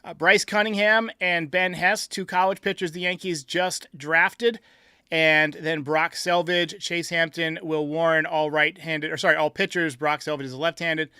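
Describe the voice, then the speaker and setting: A man hosting a sports podcast, talking in an energetic, upbeat way and laughing easily. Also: on the high side, unhurried, clear, resonant tone, dry recording, studio quality. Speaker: podcast host. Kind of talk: casual sports podcast talk.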